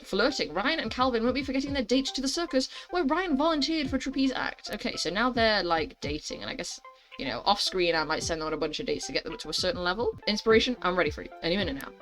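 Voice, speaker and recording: A woman's voice: medium pitch, expressive, fast talker, fairly bright tone, faint music behind, poor audio. A young woman hosting a gaming channel, reading a story game aloud with chatty, rambling, giggly asides.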